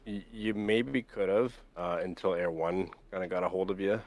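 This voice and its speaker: A young man from Canada with a very deep voice talks as a guest on a casual chat. He speaks in a halting, measured way, often pausing on "uh" and "um". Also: fairly even intonation, darkish tone, a little hiss or hum. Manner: halting, measured, frequent fillers. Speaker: guest, stream moderator.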